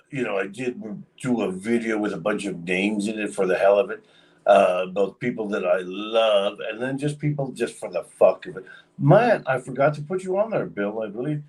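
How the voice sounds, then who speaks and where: A man's voice: fairly low pitch, darkish tone, distant mic, rough recording. A man casually telling a long story on a livestream, rambling with lots of fillers. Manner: rambling, many fillers, acts out quoted voices.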